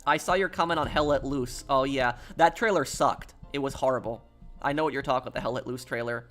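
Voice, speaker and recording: A man's voice: medium pitch, fast talker, fairly bright tone, faint music behind. A man streaming a game and chatting casually with his viewers, rambling and repeating himself as he tells a story. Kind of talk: casual live-stream chat while gaming.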